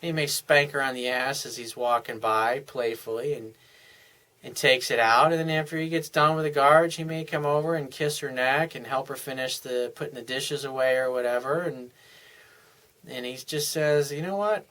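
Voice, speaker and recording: A man's voice: medium pitch, fairly even intonation, moderate pace. Earnest man giving relationship advice. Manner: earnest, acts out couples' dialogue in softer voices. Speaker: dating and life coach. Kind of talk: advice monologue.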